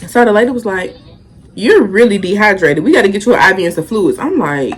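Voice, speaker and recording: A woman's voice: mid-range voice, lively intonation, fairly quick, background noise. A young woman, telling a casual storytime and animatedly acting out the quotes. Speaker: vlogger.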